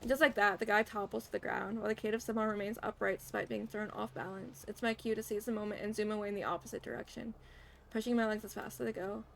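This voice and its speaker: A woman's voice: medium pitch, little pitch movement, fast talker, vocal fry, a little hiss or hum. A young woman streaming a game, reading the story aloud in first person and dropping casual asides.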